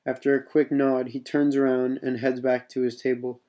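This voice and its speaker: A man reads his own second-person adventure text in a casual, unpolished way. His voice is mellow and stays fairly flat in pitch. He breaks off now and then with spoken asides. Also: moderate pace, hardly any pauses, highs cut off. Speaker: writer reading his own mission text.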